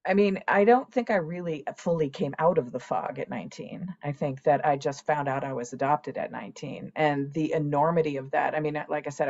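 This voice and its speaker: A woman in her sixties, a guest on a podcast, tells her own story candidly and with animation, acting out past conversations in a frank personal interview. Her voice is low and a little mellow, and the sound is lo-fi.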